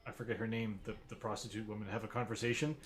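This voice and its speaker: A man running a tabletop game as game master, in a relaxed, rambling way with many fillers. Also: fairly low pitch, fast, slight background noise.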